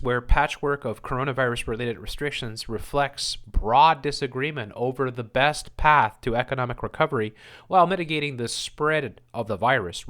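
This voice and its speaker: A man's voice: mid-range voice, fairly bright tone. A man hosting his own channel, reading news items and ranting over them in a sarcastic, rambling way, laughing often. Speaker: host.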